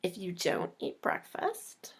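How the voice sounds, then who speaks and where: A young woman giving a casual meal planning tutorial, chatty and playful, acting out viewers' reactions in little voices. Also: slow. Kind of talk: casual talking-head tutorial.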